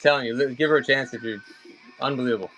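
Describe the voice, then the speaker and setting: A man's voice: medium pitch, steady tone, quick pace, fairly bright tone, faint music behind, low-quality recording. A man chatting casually with viewers during a live auction stream, rambling and addressing them by name.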